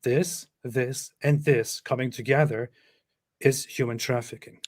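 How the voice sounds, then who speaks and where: A man's voice: mid-range voice, steady tone, measured pace. A man with a German accent explaining a legal definition point by point in a casual online discussion. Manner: explanatory, walking through a chart. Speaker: co-host.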